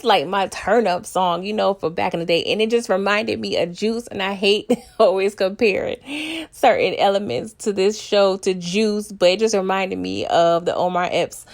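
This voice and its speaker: A woman's voice: mid-range voice, creaky. A woman casually recapping a TV episode for her viewers, chatty and loose, often calling out to them directly. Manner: chatty, addresses viewers as y'all. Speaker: TV recap vlogger.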